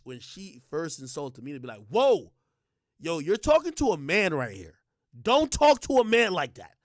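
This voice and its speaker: A young man ranting on a livestream in a high, swooping voice that keeps jumping up and down. He is heated and profane, and he mocks others in put-on voices. The sound is dry and close. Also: no room sound. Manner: animated, profane, jumps into mocking voices.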